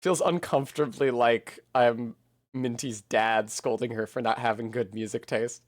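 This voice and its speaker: A man's voice: medium pitch, steady tone, a little slow, no room sound, clean studio sound. A man rambling casually and poking fun at himself while streaming a video game, swearing now and then. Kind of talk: casual commentary while playing.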